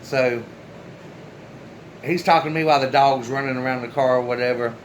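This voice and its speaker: A channel host tells a personal story straight to his viewers, loose and chatty, with the odd swear word. His voice is medium-pitched with fairly even intonation and a fairly quick pace, on a low-quality recording with a little hiss or hum.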